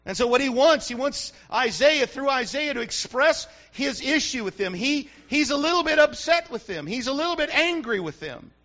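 Male pastor, very high-pitched, sharp edge, dull lo-fi recording, emphatic sermon. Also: animated, moderate pace, hardly any pauses. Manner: emphatic, repetitive preaching with rhetorical questions.

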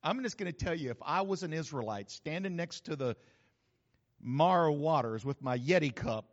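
High-voiced folksy pastor in echoing hall. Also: male voice, normal speed. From New Mexico. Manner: folksy, humorous, animated storytelling. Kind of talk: sermon. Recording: reverberant hall, slightly dull sound.

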